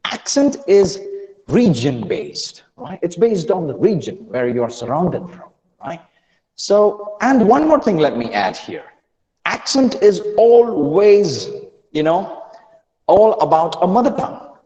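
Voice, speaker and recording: A man leading a live online class, energetic and repeating phrases as he urges learners to answer quickly in the chat. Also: sits high, long reverb tail, poor audio. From India. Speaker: online English trainer.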